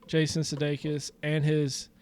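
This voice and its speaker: A young podcast co-host casually recaps a comedy film, keeping it loose and profane and quoting lines along the way. His voice runs on the high side, clear and resonant with a slightly mellow quality, and his delivery is monotone and unhurried.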